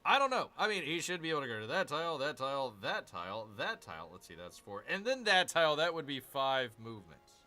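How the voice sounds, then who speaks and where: Animated, bright-voiced man grumbling over a game. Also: on the high side, a little fast, hardly any pauses. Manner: exasperated, grumbling asides. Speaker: streamer playing a strategy game. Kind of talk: gameplay commentary with chat reading.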